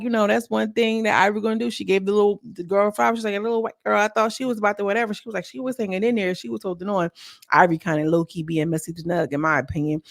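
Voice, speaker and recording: Chatty woman with a gravelly voice. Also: lowish voice, no room sound, clean studio sound. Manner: chatty and animated, acts out cast members' lines. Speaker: reality TV recap vlogger. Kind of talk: casual episode recap.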